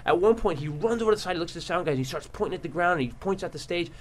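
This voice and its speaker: Man, forties, comedian guest, radio studio mic, excited laughing storyteller, rapid. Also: sits high.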